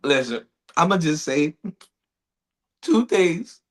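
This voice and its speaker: A man hosting a podcast, telling stories in loud, profane, laughing banter. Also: a little high, slow. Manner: animated, profane, laughing storyteller. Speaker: podcast host.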